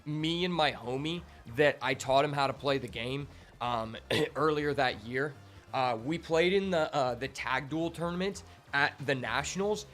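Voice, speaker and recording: A young man with a slightly high, fairly bright voice gives casual commentary on a card game he's streaming. He's laid-back and rambling, with lots of fillers and swearing.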